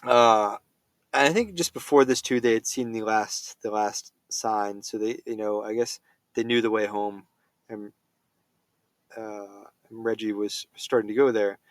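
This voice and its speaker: A man's voice: on the low side, measured pace, dry recording. A man giving a casual spoken film review, rambling with many fillers and self-corrections.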